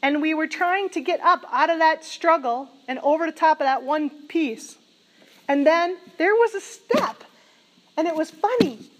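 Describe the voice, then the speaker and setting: A middle-aged woman preaching a sermon, telling a story with lively, laughing energy. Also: sits high, measured pace. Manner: animated storytelling, laughing as she recounts a vision.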